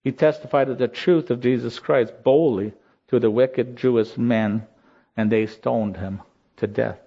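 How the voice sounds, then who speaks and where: A man preaching a sermon in a slow, earnest voice that rises in emotional peaks. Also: mid-range voice, steady tone, gravelly. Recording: slightly dull lo-fi sound.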